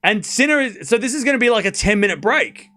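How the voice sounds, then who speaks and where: A man's voice: sits high, animated, fast, pushed and bright, faint music behind. A man hosting a live watchalong stream, calling the play and reacting bluntly, swearing freely. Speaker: streamer host.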